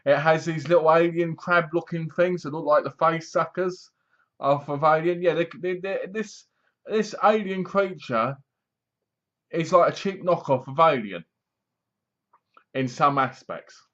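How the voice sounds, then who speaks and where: A man's voice: fairly high pitch, a little slow, fairly bright tone. A man with an English accent giving a casual, rambling movie review that sounds sarcastic. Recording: dull lo-fi recording.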